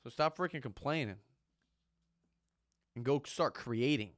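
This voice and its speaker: A man speaks in a fired-up, impassioned monologue, hammering his points home through repetition. His voice sits at an ordinary middle pitch. The recording is dry and close, with no room echo. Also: a little slow. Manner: fired-up, ranting, emphatic repetition. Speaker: vlogger and former Marine.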